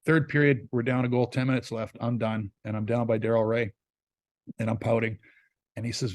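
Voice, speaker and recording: A man spins a lively anecdote about his playing days at a rapid clip. His voice is recorded close and dry, with no room sound. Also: medium pitch, dry recording. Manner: lively, animated anecdote with acted-out quotes. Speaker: former hockey player telling a story. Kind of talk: casual interview storytelling.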